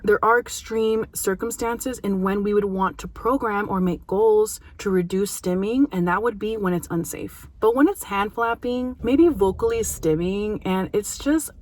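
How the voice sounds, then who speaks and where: A woman in her thirties, a behavior analyst, talking casually and earnestly to parents, with emphatic pauses. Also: mid-range voice. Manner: earnest, warm-hearted advocacy with emphatic pauses. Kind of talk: casual educational talk to parents.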